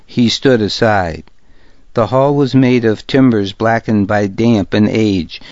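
A man reading a historical novel aloud as a narrator, in a measured, steady way. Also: on the low side, no room sound, highs cut off. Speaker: audiobook narrator. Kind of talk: scripted narration.

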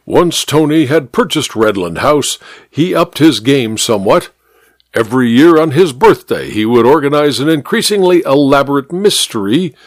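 Snorting pompous old major, a man reading him, lively voice, dry close sound. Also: mid-range voice, no room sound, voice pushed up, natural voice. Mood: explaining. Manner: blustery, snorting, theatrical pauses. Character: blustering old army major, snorting and smug.

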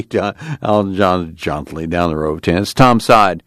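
A man narrating a novel in an expressive storytelling manner. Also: sits low, a little slow, few pauses, dry recording, studio quality. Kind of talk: audiobook narration.

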